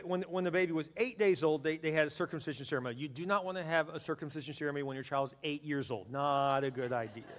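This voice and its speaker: A man preaching a sermon to a congregation, lively and joking, building to loud peaks. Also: fairly high pitch. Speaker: pastor. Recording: long hall reverb.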